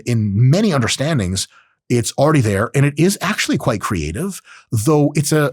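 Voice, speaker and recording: Brief: male podcast host in his thirties, lively swooping delivery, close dry mic. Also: medium pitch, breathy edge, no room sound. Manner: animated, acts out quoted voices, profane asides. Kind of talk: casual monologue on technology.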